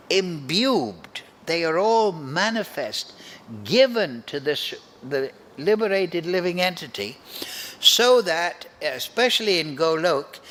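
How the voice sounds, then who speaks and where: A man giving a devotional scripture class, speaking in a slow, deliberate and reflective way. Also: sits high, fairly bright tone. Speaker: spiritual teacher.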